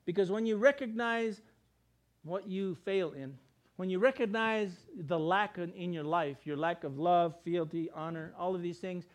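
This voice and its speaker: A man preaching a sermon in a conversational, emphatic way, using plain everyday words and briefly acting out the people he quotes. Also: high-pitched. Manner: acts out the people he quotes in quick voices.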